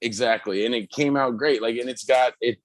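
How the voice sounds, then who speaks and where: A man co-hosting a casual pop culture chat, talking loosely with lots of swearing and excited retelling. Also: medium pitch, a little fast, dry recording. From United States. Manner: loose, profane, excitable storytelling. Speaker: podcast co-host.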